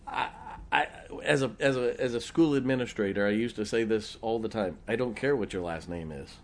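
A middle-aged man preaches a sermon in a lowish voice at a moderate pace, telling folksy personal stories and putting rhetorical questions to the congregation. A little hiss or hum sits under the recording.

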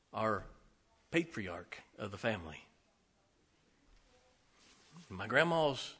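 Middle-aged male pastor, husky edge, earnest sermon that builds to loud preaching. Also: fairly low pitch.

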